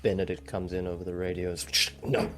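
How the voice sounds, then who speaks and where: A man's voice: sits low, steady tone, a little fast, darkish tone, echoey room. A man playing in a tabletop game, chatting and joking. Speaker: player. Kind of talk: casual game chat.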